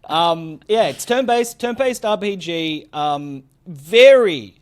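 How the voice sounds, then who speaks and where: A man's voice: on the high side, animated, takes it slowly, clean tone. A man co-hosting a gaming podcast, upbeat and enthusiastic, with lots of ums and uhs. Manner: upbeat, many fillers, enthusiastic. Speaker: podcast co-host. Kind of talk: casual chat.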